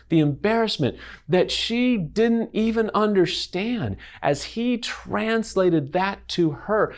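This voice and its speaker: A middle-aged man hosting, speaking earnestly to camera and telling a personal story, quoting others in dialogue. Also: fairly high pitch. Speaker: host. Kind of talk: direct-to-camera talk.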